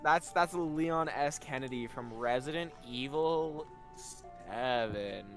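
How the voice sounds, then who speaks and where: Animated, teasing young man co-host. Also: mid-range voice, slow, soft background music. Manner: animated, teasing, swears a lot. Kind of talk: casual livestream banter.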